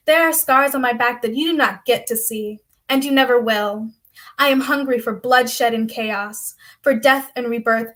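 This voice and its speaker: A woman reciting spoken-word poetry with intense, dramatic delivery. Her voice sits a little on the high side for a woman, and each line lands with deliberate weight. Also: a bit bright. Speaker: poet competitor.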